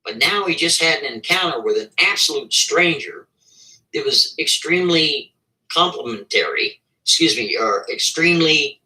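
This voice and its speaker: A man telling a story casually and with animation, often checking in with the listener with a quick "right?". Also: on the high side, lively intonation, pushed and bright, poor audio.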